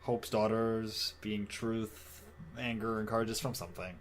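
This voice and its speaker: A man's voice: lowish voice, fairly even intonation, unhurried, crowd noise. A man co-hosting a casual podcast, hesitantly thinking aloud about a comic. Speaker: podcast co-host. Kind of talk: casual comic-book discussion.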